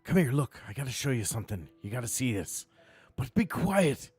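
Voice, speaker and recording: A man voicing a clumsy, jittery armored human man who keeps hushing others and repeats himself. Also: mid-range voice, big pitch swings, brisk, slightly rough, no room sound, soft background music, full character voice. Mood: frantic hushing.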